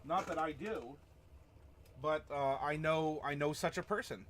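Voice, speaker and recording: A man's voice: fairly high pitch, measured pace, fairly bright tone, slight background noise. A man hosting a tabletop role-playing live stream, chatting casually and rambling with chuckles while reacting to chat. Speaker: stream host.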